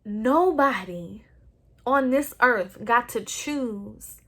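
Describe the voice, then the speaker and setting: A woman's voice: sits high, animated, takes it slowly, a bit bright. A woman with a Texan accent, hosting a solo podcast and speaking earnestly and with passion. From Southeast Texas. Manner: impassioned, earnest. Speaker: podcast host. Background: no other speakers or sounds.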